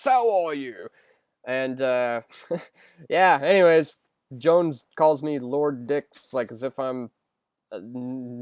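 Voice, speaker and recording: A man's voice: fairly high pitch, a little mellow, no room sound, studio quality. A young man hosting a casual live stream, reading viewer questions aloud and rambling through answers with lots of fillers and restarts. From Canada.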